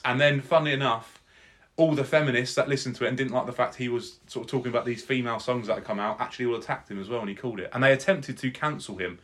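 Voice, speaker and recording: A man's voice: medium pitch, rapid-fire, a bit bright. A man with a British accent co-hosting a casual podcast chat, bantering and restarting his sentences. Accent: British English. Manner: chatty, stumbling restarts, banter. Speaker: podcast co-host.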